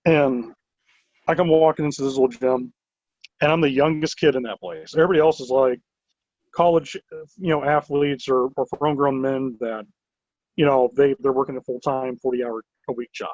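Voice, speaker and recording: A man who owns a wrestling promotion, telling stories in a casual interview with an animated, rambling manner and many filler words. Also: medium pitch, moderate pace, no room sound. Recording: dull lo-fi recording.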